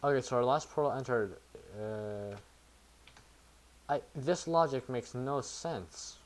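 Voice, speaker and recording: A man's voice: medium pitch, slow pace. A man talking his chat through his code in casual live commentary, thinking aloud and making self-mocking asides. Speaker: programmer streaming to chat.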